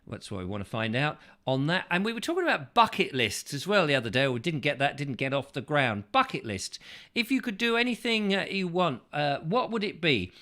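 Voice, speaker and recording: A man's voice: on the high side, big pitch swings, brisk, bright, forceful tone. A man hosting a casual show, reading out viewer comments in a playful, rambling way that keeps slipping into silly voices. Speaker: host.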